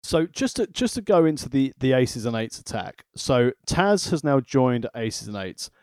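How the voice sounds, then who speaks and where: A man hosts a casual podcast recap, breaking down the action in a sweary, analytical way. His pitch moves around a lot. The sound is dry and close. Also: big pitch swings, moderate pace, darkish tone, dry recording. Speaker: podcast host.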